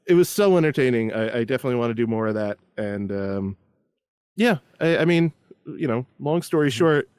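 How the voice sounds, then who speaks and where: A man's voice: medium pitch, animated, brisk, a little mellow, clean tone, no echo, studio quality. A man calling in to a podcast, chatting casually and rambling with lots of "like.". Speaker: caller. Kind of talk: casual chat.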